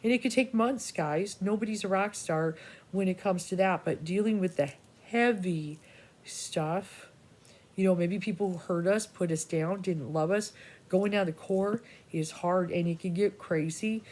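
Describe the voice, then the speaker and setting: A woman's voice: lowish voice, a little slow, darkish tone. A woman psychic reader talking to her viewers in a rambling personal monologue, casual, swearing freely and restarting her sentences often. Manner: scattered, full of restarts and asides.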